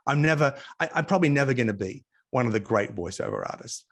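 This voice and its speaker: Australian man telling lively anecdotes. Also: mid-range voice, quick pace, vocal fry. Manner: animated, chatty anecdotes with asides. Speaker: interview guest. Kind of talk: casual storytelling interview. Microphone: video call.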